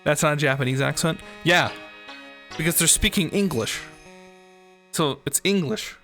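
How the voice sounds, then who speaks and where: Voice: mid-range voice, normal speed, a bit bright, faint music behind. An American streamer joking sarcastically and reading game text aloud during a let's play.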